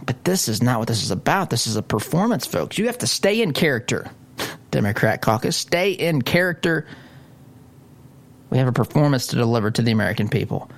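A man's voice: medium pitch, big pitch swings, fairly quick. A man doing a stern woman leader scolding her party. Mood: chiding.

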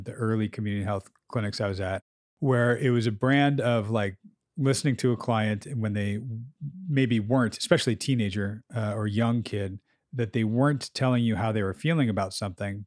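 A man co-hosting a podcast as a therapist, talking candidly in a relaxed chat and acting out quotes from clients. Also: on the low side, no room sound, studio quality. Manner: candid, swears freely, acts out client quotes.

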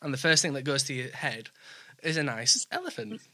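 A man with a Yorkshire accent, a presenter in easygoing, quick chat. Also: fairly high pitch, sing-song, bright, forceful tone. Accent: Yorkshire English. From Yorkshire, England. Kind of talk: casual chat.

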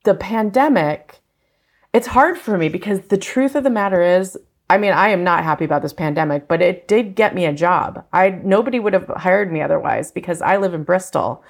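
A woman from Fargo with a Midwestern American accent, a casting director answering interview questions in a relaxed, self-deprecating way. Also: on the low side, brisk, vocal fry. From Fargo, USA.

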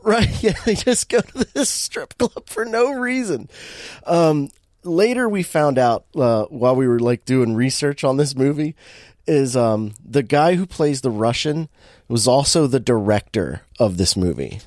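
A man's voice: medium pitch, a little slow, dry recording, studio quality. A man co-hosting a podcast, recapping a bad movie in casual chat, laughing often as he tells it. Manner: animated storytelling, laughing often, many restarts. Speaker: podcast co-host.

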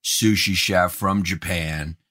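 A man's voice: deep voice, steady tone, slow, pushed and bright. A man co-hosting a podcast in casual chat, joking and teasing his co-host. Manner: joking, puts on silly voices and teasing bits.

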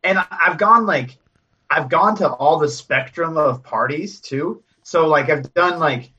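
Husky-voiced rambling comedian, dull audio. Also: male voice, a little high, measured pace, pushed and bright, distant mic. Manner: loose, rambling, stop-start. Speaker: podcast guest, comedian. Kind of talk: casual storytelling chat.

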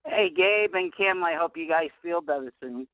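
An older man calls in to a talk show over a phone line, his voice on the high side at a normal speed with no room sound. Friendly and rambling, he keeps mixing up his game picks.

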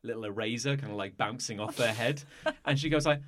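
A man's voice: medium pitch, a little fast, fairly bright tone, a little hiss or hum. A man running a tabletop role-play as game master, narrating in a chatty, rambling way.

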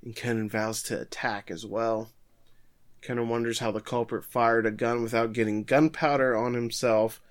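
Casual male podcast co-host, joking recap delivery. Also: mid-range voice. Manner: joking, summarizing plot quickly. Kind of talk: casual anime recap chat.

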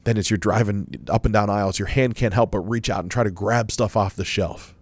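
A man's voice: fairly low pitch, steady tone, fairly quick, no echo. A man giving a self-help talk and leading listeners through a guided visualization, coaching them with many questions.

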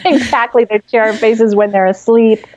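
Woman explaining gently, slightly muffled. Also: a little high, steady tone, normal speed. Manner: gentle, explanatory, many fillers and restarts. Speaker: therapist guest. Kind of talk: conversational teaching.

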